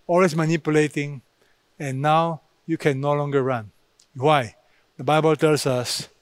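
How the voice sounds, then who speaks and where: A man preaching a sermon, slow and emphatic, with dramatic pauses between phrases. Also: fairly high pitch, no room sound. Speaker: pastor.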